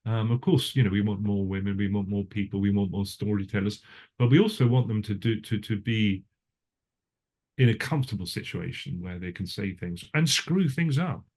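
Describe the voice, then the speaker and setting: An older man with a lowish voice talks in a loose, rambling way, trailing off and starting over. He sounds like a film veteran chatting through anecdotes in an interview, asides piling up as he goes. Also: moderate pace, darkish tone. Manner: rambling, self-interrupting storyteller; frequent restarts and asides. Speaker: cinematographer. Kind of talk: casual interview.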